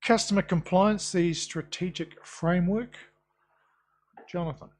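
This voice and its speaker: Brisk New man chairing a meeting. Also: sits high, darkish tone. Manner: brisk and procedural, with dry quips. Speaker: council committee chair. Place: council chamber.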